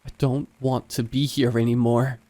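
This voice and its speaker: A man's voice: medium pitch, little pitch movement, normal speed, dark tone, lightly acted. Man voicing a desperate trapped teenage boy. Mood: pleading. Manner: pleading, urgent.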